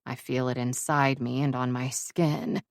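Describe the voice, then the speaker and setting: A woman narrating a first-person romance audiobook in a wry, even-toned storytelling manner. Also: very deep voice, unhurried, dry recording, studio quality.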